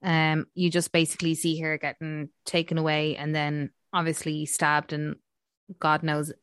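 A woman's voice: low-pitched, completely flat delivery, normal speed, fairly bright tone, clean tone, dry recording, clean studio sound. A woman co-hosting a casual film review chat, rambling with lots of fillers. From Ireland. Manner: chatty, rambling with many fillers.

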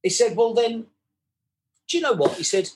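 A man's voice: very high voice, expressive, normal speed, slight background noise. A man, chatting as a podcast guest and acting out both sides of old conversations. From England. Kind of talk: casual storytelling chat.

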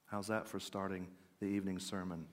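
A man's voice: low voice, flat delivery, a little fast, in a large hall. A man giving an earnest talk on faith, moving between plain conversational asides and emphatic readings of old quotations. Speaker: podcast speaker.

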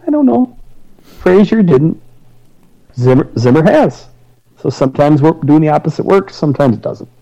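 A man co-hosting a casual sports podcast, animated and sarcastic, rambling through his points. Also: fairly high pitch, normal speed, creaky, pauses often, dull audio. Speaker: podcast co-host.

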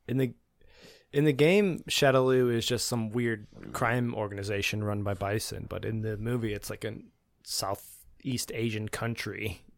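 A man's voice: lowish voice, fairly even intonation, unhurried, creaky. A man co-hosting a podcast, chatting casually through a movie watch-along, laughing often and explaining the lore. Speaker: podcast co-host.

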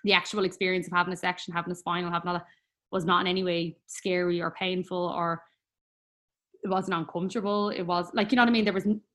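Woman guest, fairly low pitch, rambling personal story, easy laughs. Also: steady tone, fast talker, a bit bright. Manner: chatty, rambling, many fillers, laughs often.

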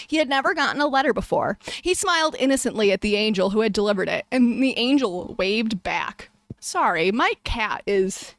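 A young woman hosting a podcast, reading fan fiction aloud deadpan and breaking off for blunt asides. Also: fairly high pitch, no room sound. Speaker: podcast host.

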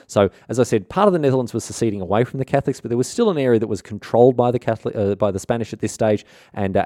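A man's voice: medium pitch, warm tone, dry recording, clean studio sound. A man hosting a comic history podcast, talking in an irreverent, rambling, slangy way and interrupting himself often. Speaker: podcast host.

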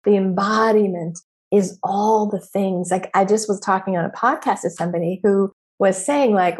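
A woman's voice: mid-range voice, normal speed, darkish tone. Woman coach on a podcast, emphatic and preachy, swears casually while she hypes you up. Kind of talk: motivational podcast talk.

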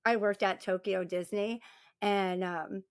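A woman's voice: mid-range voice, steady tone, slow, clean tone, no room sound, studio quality. A woman with an American accent co-hosting a podcast, bubbly and casual, saying "like" a lot. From United States. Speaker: podcast co-host. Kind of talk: casual chat.

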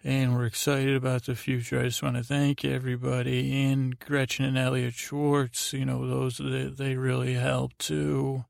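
A man's voice: medium pitch, flat delivery, normal speed, gravelly, hardly any pauses, no room sound, clean studio sound. A man hosting a sleep podcast, rambling through a show recap in a meandering, self-deprecating way. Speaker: podcast host.

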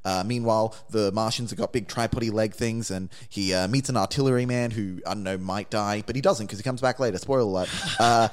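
A man's voice: lowish voice, a little fast, few pauses. A man co-hosting a podcast, retelling a story in a rambling, jokey way with lots of fillers. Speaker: podcast co-host. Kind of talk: casual chat.

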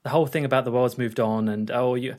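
A man co-hosting a casual film podcast, who gives animated, emphatic opinions with many fillers. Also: mid-range voice, fast. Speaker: podcast co-host.

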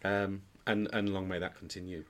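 Speaking at normal speed in a low, slightly bright voice with flat delivery, this man, a pantomime dame actor, swaps jokey stories as a guest in an indoor podcast recording. He restarts frequently and bursts out laughing.

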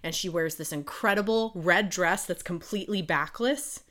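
Female co-host, lowish voice, lively casual storyteller recapping a novel. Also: moderate pace. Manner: animated retelling, acting out character lines. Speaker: podcast co-host. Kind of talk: casual book review chat.

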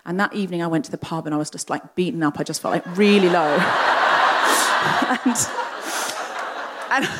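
A woman's voice: lowish voice, fast, heavy background noise. A woman in her forties hosting a live comedy podcast, telling a self-mocking personal story with lots of energy. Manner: animated, self-mocking, confessional. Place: live theatre stage.

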